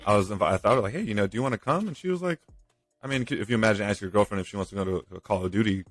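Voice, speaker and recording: A man co-hosting a casual gaming podcast, easygoing, chiming in with quick agreements and his own stories. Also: on the low side, dry recording, soft background music. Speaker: podcast co-host. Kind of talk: casual chat.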